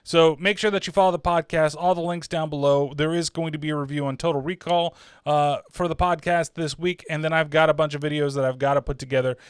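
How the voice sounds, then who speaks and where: A man's voice: fairly high pitch, steady tone, fast talker, few pauses, clean tone, dry recording, clean studio sound. A man hosting a casual horror film review, rambling and swearing freely with lots of "like" and "uh" fillers. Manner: rambling, profane, full of fillers like "like" and "uh". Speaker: horror movie reviewer, channel host.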